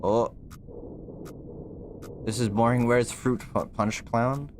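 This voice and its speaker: A man's voice: medium pitch, fairly even intonation, slow, long pauses, background noise. A young man streaming a game, talking nervously to himself and his chat and swearing as he plays. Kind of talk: gaming livestream commentary.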